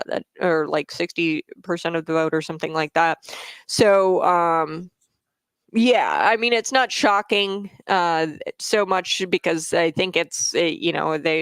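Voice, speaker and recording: A woman's voice: sits low, gravelly, no echo. A woman hosting a political commentary show, talking in a casual monologue with many fillers and restarts, and answering viewer comments.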